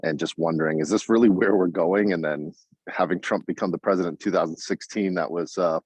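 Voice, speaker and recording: A man's voice: deep voice, brisk, a little mellow, husky, no echo. A man talking reflectively in a casual group video call, sharing an anecdote. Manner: reflective, chatty. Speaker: discussion group member.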